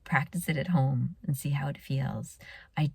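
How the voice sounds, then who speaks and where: A middle-aged woman, a pediatrician hosting a podcast, giving earnest parenting advice and often dropping to a hushed near-whisper. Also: rumbling low, moderate pace, gravelly, slightly rough, no echo.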